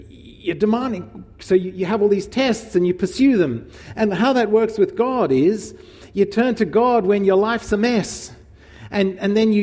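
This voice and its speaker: A man's voice: high-pitched, a little mellow. A man preaching a sermon in a casual, conversational way. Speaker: pastor. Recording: long hall reverb.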